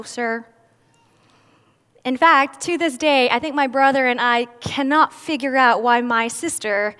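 A woman's voice: a little high, a bit bright. A woman giving a candid personal testimony at a church service, with self-deprecating humor. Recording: long reverb of a large hall.

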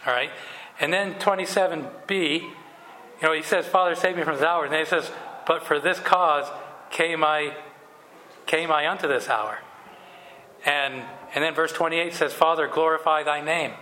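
A man's voice: fairly high pitch, steady tone, moderate pace, pushed and bright. A man leading a Bible study, reading scripture aloud and then explaining it casually with fillers. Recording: echoey room with faint noise.

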